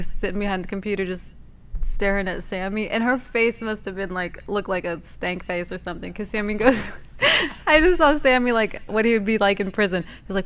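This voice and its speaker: A woman's voice: mid-range voice, a bit bright, clear, resonant tone. A woman co-hosting a live show, reading viewer messages aloud and chatting loosely with a lot of laughter. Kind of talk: casual live-show chat.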